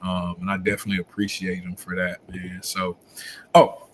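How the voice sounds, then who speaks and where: A man hosting a live stream as a football coach, telling stories in an animated, rambling way and laughing often. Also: low voice, normal speed, a little hiss or hum. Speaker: football coach and show host. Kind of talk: casual live-stream talk.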